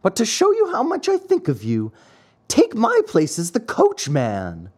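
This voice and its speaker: A man's voice: high-pitched, wildly swooping pitch, measured pace, darkish tone, pitched above the performer's own voice, exaggerated voice. A man doing a sly, wheedling little coachman. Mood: coaxing. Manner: smooth, coaxing and overly polite.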